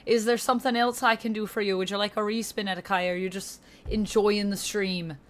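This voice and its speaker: A woman's voice: mid-range voice, steady tone, brisk. A woman livestreamer in casual chat with her viewers, upbeat, thanking them and reading chat aloud into a desk streaming mic.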